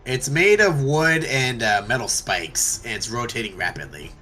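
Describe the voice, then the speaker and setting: A young man runs a tabletop game with a bright, forceful voice at a middle pitch. He talks haltingly, full of fillers, and counts out movement aloud. Faint music sits in the background. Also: lively intonation. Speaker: game master. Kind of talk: running a tabletop game online.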